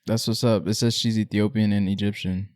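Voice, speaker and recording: A man co-hosting a podcast, talking in a loose, slangy way. He sounds relaxed and chats casually, laughing easily between points. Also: on the low side, fairly quick. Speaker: podcast co-host. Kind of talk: casual chat.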